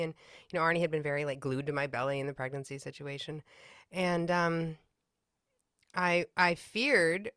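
A woman's voice: low-pitched, a little slow, a bit bright, smooth, dry recording, clean studio sound. A woman working as a grief counselor, telling a personal story in an earnest, reflective way as an interview guest. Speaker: pet loss grief counselor.

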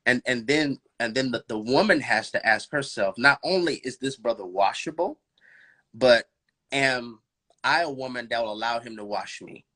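A man's voice: mid-range voice, normal speed, bright, forceful tone. A married man talking faith and relationships in a podcast conversation, preaching with fervent cadence, rhetorical questions and bursts of laughter. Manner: laughs and addresses listeners as bro, girl.

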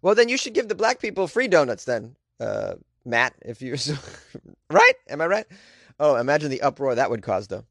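A man's voice: a little high, very animated, normal speed, fairly bright tone, no room sound, studio quality. An American man hosting a weird news segment, reading stories and mocking them sarcastically, often laughing. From United States. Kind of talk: sarcastic comedic news commentary.

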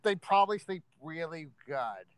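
A man's voice: on the high side, expressive, normal speed, fairly bright tone, clean tone, dry recording, poor audio. A man co-hosting a podcast in casual chat, talking bluntly with lots of fillers. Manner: rambling, filler-heavy, blunt. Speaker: podcast co-host.

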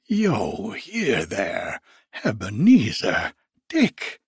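A man voicing a jolly, fat old male merchant with hearty, booming calls in a storybook reading. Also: huge pitch swings, very slow, husky, no echo, studio quality, exaggerated voice. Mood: jovial.

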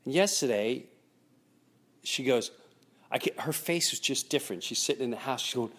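A man's voice: medium pitch, animated, normal speed, pauses often, a bit bright. A man hosting his own podcast, telling rambling stories casually and often restarting his sentences. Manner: rambling storyteller, restarts and acts out quotes. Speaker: podcast host. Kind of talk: casual solo podcast monologue.

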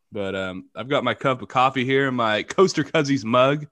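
Male podcast host, excitable and rambling, mid voice, dry recording. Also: medium pitch, moderate pace, few pauses, dry recording. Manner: rambling, excitable, many fillers. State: just woken up early. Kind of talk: casual chat.

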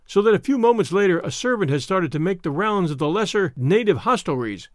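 A man reading an adventure novel aloud as an audiobook narrator. His voice sits fairly high and moves a lot, and the recording is dry and close, with no room sound. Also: animated, brisk, no room sound. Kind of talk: scripted narration.

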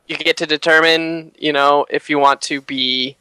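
A man's voice: on the high side, steady tone, normal speed, pushed and bright, clear, resonant tone, no room sound, low-quality recording. A man co-hosting a casual talk show, giving dry, matter-of-fact opinions. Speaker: podcast co-host. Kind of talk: casual chat.

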